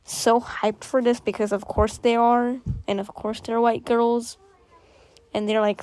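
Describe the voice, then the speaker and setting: With a fairly high pitch and a darkish tone, a young woman vlogger rambles through sarcastic commentary. Her casual talk is full of fillers and restarts.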